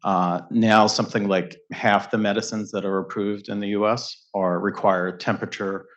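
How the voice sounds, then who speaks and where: A man's voice: lowish voice, flat delivery, normal speed, lo-fi sound. A man on a conference panel, explaining in a methodical way with fillers and restarts. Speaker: panelist, healthcare tech executive. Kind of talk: panel discussion.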